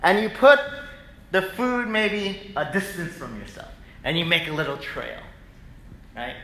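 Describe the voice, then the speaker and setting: Bright-voiced conversational preacher man. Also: on the high side, a little slow, echoey room, a little hiss or hum, poor audio. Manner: conversational, animated storytelling preacher. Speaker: pastor. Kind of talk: sermon. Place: church sanctuary.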